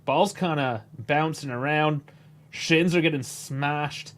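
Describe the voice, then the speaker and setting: A man's voice: a little high, slow pace, fairly bright tone. A man from Canada, hosting a casual live match reaction, chatty and laid-back with frequent chuckles and casual swearing. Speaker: host.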